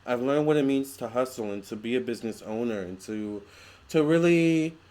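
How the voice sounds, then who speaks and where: A man's voice: medium pitch, normal speed, a little mellow. A young man vlogging in a chatty, gushing way, full of fillers and restarts. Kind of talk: casual storytelling vlog.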